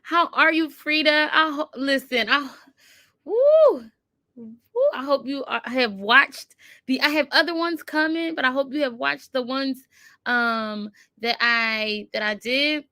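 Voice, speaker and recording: A woman's voice: high voice, a little slow, pushed and bright, no echo, clean studio sound. A woman hosting a casual livestream on her computer, chatting and reciting affirmations with frequent laughs. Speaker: livestream host. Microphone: computer mic.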